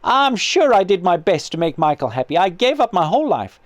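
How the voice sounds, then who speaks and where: A man's voice: high-pitched, sing-song, a little fast, dry recording, pitched above the performer's own voice. A man voicing an indignant, snappish ghost mother. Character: grieving possessive ghost mother, sharp, demanding.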